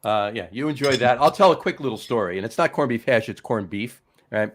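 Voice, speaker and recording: Brief: New Jersey male host, mid-pitched, loose and rambling, filler-heavy. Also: expressive, brisk. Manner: rambling storyteller, lots of ums and uhs. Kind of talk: casual chat.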